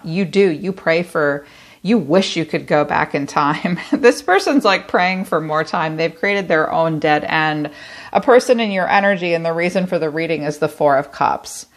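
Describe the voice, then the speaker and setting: Woman, tarot reader, chatty and blunt, casual swearing, lowish voice. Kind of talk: solo tarot reading to camera.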